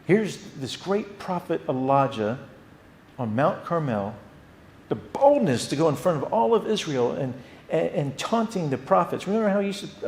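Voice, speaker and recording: A man teaching a theology class at a church. He talks in an animated way and often repeats words. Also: a little high, normal speed, gravelly, reverberant. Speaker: Bible teacher.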